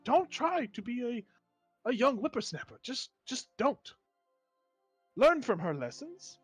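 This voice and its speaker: A man voicing a pompous male wizard who leads a funeral, talking in a formal and halting way. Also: very high-pitched, big pitch swings, slightly rough, no echo, soft background music, pitched above the performer's own voice, full character voice. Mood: solemn. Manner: hesitant, formal, halting speech.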